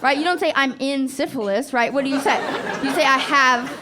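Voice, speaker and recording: A stand-up comedian in her forties speaks quickly in a high voice, swearing, mocking herself and laughing at her own material. She's on a comedy club stage, recorded live with a loud crowd roaring with laughter.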